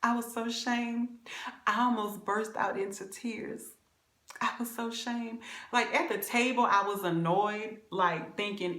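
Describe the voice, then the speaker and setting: Animated young woman telling a funny story. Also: medium pitch, unhurried. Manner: animated, laughing, confiding with viewers. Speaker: vlogger. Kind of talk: comic storytelling. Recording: roomy echo.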